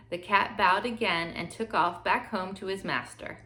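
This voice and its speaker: A woman gently reading a fairy tale aloud to children in a steady storytelling manner. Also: lowish voice, normal speed, few pauses, soft background music.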